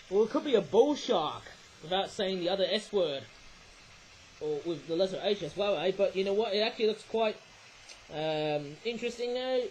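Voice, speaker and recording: A man's voice: high voice, mellow, a little hiss or hum, rough recording. A man reviewing toys in a casual vlog, rambling and correcting himself, often tagging his sentences with "eh?". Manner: rambling, self-correcting, frequent tag "eh?". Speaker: toy reviewer.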